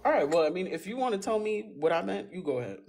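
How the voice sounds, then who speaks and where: A man joining a live stream argument, talking haltingly with pauses and restarts. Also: high-pitched, animated, vocal fry, a little mellow. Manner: halting and hesitant, full of restarts. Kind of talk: heated livestream argument. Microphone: phone on a live stream.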